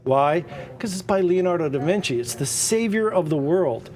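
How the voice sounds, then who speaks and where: Excitable rambling man hosting an auction. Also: sits high, moderate pace. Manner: rambling, excitable, goes off on tangents. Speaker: auction host. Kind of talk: live-stream auction patter.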